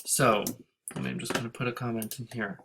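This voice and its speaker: A man's voice: mid-range voice, big pitch swings, brisk, very noisy. A man teaching a class, talking through a screen-recorded lecture and thinking aloud as he goes, with fillers and self-corrections.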